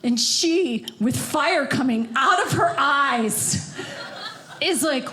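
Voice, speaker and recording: A woman performing a stand-up comedy set on a club stage, working the crowd with animated, loud outbursts. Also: sits high, slow pace.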